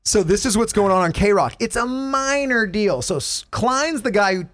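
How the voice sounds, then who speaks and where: A man co-hosting a comedy podcast, talking in an animated, swearing rant and mimicking radio voices. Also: high voice, moderate pace, no echo, studio quality. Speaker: podcast co-host. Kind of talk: casual comedy chat.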